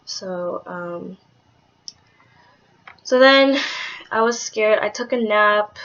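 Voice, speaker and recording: A young woman talking candidly in a personal vlog, rambling with lots of "like"s and swearing, soft-spoken with hesitant restarts. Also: medium pitch, extremely slow. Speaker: vlogger. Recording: dull lo-fi audio.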